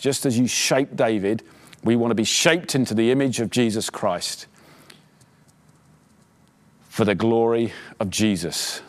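A man preaching a sermon as pastor, exhorting his listeners fervently, his voice climbing in pitch as he urges them on. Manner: quieter, halting prayer. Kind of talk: sermon with closing prayer.

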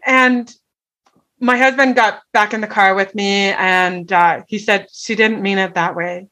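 A woman's voice: medium pitch, fairly even intonation, unhurried, bright, forceful tone. A middle-aged woman telling a personal story in an earnest way, often checking in with "right?". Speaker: guest.

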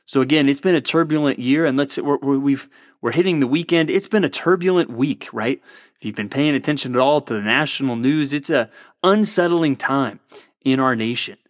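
A man's voice: medium pitch, no room sound. Man, pastor, devotional talk, encouraging, dry close sound. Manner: earnest, encouraging, reads scripture slowly. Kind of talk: devotional Bible teaching. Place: Treasure Valley area, Idaho.

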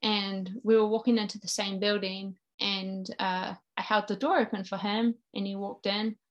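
A woman's voice: mid-range voice, flat delivery, moderate pace, highs cut off. A woman in her thirties from New Zealand, with a New Zealand accent, earnestly sharing her personal faith story as an interview guest. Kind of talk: personal faith testimony in conversation.

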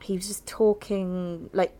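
Speaking a touch slowly in a flat, dark, mid-range voice, a young female interview guest shares a personal story frankly, peppering it with "like" and occasional laughter.

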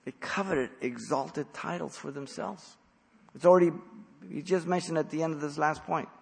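A man preaching an expository sermon as pastor, blunt and emphatic, with sudden loud stresses. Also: a little high, normal speed, creaky, husky, in a large hall.

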